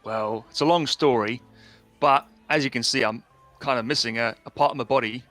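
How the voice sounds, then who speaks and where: A man's voice: mid-range voice, normal speed, bright, forceful tone, faint music behind, lightly acted. A man voicing a boisterous, swearing male pirate quartermaster who greets old crewmates in hearty, matey speech. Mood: friendly.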